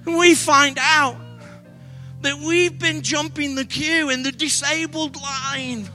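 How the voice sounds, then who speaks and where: A man's voice: very high voice, steady tone, takes it slowly, bright, forceful tone, faint music behind. An English man preaching a sermon, telling humorous, self-deprecating travel stories to his congregation. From Britain. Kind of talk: sermon with storytelling.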